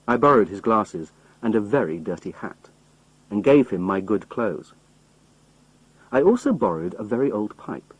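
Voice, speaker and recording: A man narrating a simplified novel in a plain, measured storytelling manner. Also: lowish voice, big pitch swings, breathy edge, no room sound, low-quality recording. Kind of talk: reading a simplified novel aloud.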